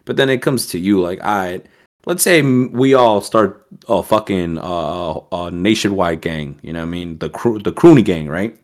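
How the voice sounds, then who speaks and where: A man co-hosting a podcast, telling a profane, animated story in casual chat. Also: deep voice, normal speed. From East Coast US. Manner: profane, animated storyteller, acts out quoted voices. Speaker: podcast co-host.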